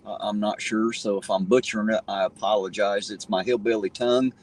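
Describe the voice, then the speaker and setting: A man's voice: fairly low pitch, steady tone, a little fast. A man with a southern Ohio hillbilly accent, chatting casually on a live stream while driving at night, folksy and easygoing with casual swearing. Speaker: livestream host. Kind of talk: casual live-stream chat, reading viewer comments. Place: in a car driving around town at night. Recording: distant mic with loud car noise. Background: car and road noise.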